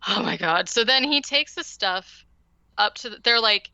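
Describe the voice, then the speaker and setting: A woman's voice: medium pitch, animated, normal speed, bright, forceful tone, no echo. A woman podcast host casually recapping a movie, rambling with lots of "like" and "um". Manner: rambling, heavy use of "like" and "um".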